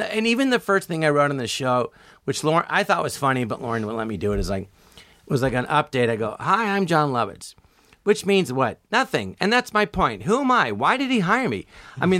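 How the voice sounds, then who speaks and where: Man, comedian guest, animated storyteller, bright tone, dry close sound. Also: on the high side, no echo. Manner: animated, acts out quoted dialogue with many "I go"s. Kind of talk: storytelling in a podcast interview.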